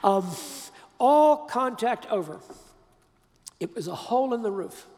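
An older man giving a sermon, telling a personal story in an emphatic, conversational way with pauses and restarts. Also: extremely high pitch, lively intonation, a little mellow, in a large hall. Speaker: preacher.

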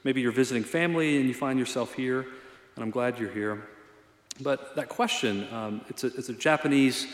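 A man's voice: medium pitch, moderate pace. A man preaching a sermon as a pastor, conversational and earnest, with a self-deprecating touch. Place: church sanctuary. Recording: echoey hall reverb.

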